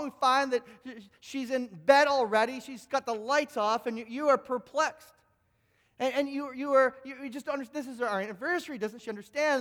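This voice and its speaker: A man with a strikingly high voice preaches a sermon, telling animated stories and acting out both sides of conversations. He often stammers and repeats words as he goes. His voice rings with the long reverb of a large hall. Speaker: pastor.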